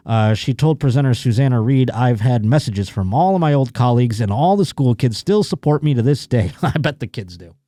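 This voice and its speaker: A man's voice: mid-range voice, a little mellow, no echo, clean studio sound. Crude, sarcastic male podcast host. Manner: crude, sarcastic riffing between read-out articles. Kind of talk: casual comedic chat reading news stories.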